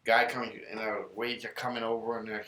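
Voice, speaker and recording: A man's voice: on the low side, level tone, fairly quick, sharp tone. A man hosting a casual faith podcast, telling stories in an earnest, rambling way. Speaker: podcast host. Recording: roomy room echo.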